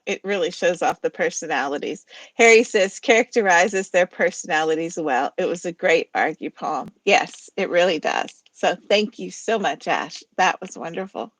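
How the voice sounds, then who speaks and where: A woman's voice: on the low side, no echo. Chatty woman hosting a poetry reading. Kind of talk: casual chat about poems.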